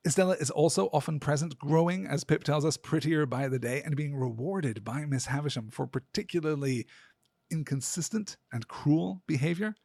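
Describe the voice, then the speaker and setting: A man hosting a podcast, talking through a classic novel in a measured, analytical way. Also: a little high, creaky, darkish tone, no echo, clean studio sound. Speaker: podcast host. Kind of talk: literary discussion.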